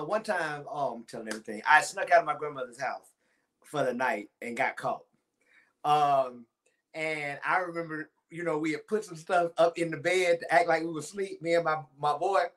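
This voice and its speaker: A pastor in his 40s from Timpson, Texas chats casually with viewers on a church livestream, telling a story from his childhood. His voice sits on the high side with a fairly bright tone.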